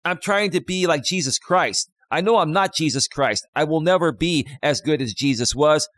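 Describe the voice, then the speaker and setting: A man's voice: on the high side, lively intonation, moderate pace, fairly bright tone, no echo, studio quality. A man, a life coach, talking on a live stream in an impassioned, preachy way that repeats points.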